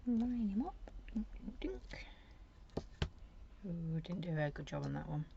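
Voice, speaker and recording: Woman, craft demonstrator, gravelly low voice, rambling self-talk, faint background noise. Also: expressive, fast, dull audio. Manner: rambling, talks to herself while working. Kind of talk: chatty live craft demo. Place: home craft desk.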